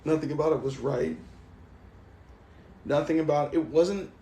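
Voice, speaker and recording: A man's voice: on the high side, steady tone, a little slow, vocal fry, mellow. A man hosting a casual livestream, chatting loosely with viewers and joking as he rambles through stories. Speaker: livestream host.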